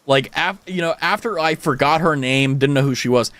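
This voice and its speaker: A man's voice: a little high, normal speed, dry recording. A young adult man with an American accent, a streamer telling stories in casual chat with his viewers, full of fillers and swearing. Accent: General American. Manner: animated storytelling, frequent swearing, many fillers.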